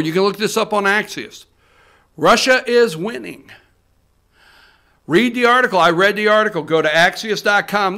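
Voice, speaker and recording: A man in full rant, hurling his points straight at the camera. His voice sits strikingly high and rings bright and forceful, and he swears and hammers the same lines again and again. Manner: heated, swearing, repetitive, addresses viewers directly. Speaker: political talk show host. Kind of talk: fired-up political rant to camera. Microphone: studio camera.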